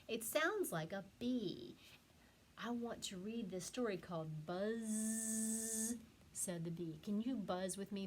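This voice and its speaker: A woman teacher reading a picture book to young children, with a warm, expressive and encouraging manner. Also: medium pitch, slow pace, slight background noise.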